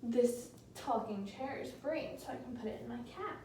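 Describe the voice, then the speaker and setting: A woman's voice: a little high, moderate pace, mellow, slight background noise, natural voice. A woman voicing a scheming witch who rambles out insincere apologies, in an echoey room with a distant mic. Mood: fake sorry.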